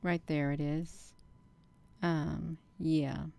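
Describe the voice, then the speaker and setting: A woman with a low, deep voice hosts her own livestream. She speaks slowly and earnestly, repeats herself and fills pauses with ums. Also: fairly even intonation, a little mellow. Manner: slow, earnest, repetitive, with many ums. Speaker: channel host. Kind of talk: casual livestream vlog.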